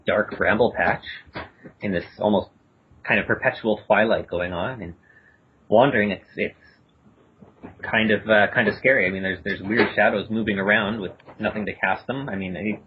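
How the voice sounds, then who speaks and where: Low-voiced man running a storytelling game. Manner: loose and filler-heavy. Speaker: game master and podcast host. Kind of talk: casual game narration. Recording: dull lo-fi audio with faint noise.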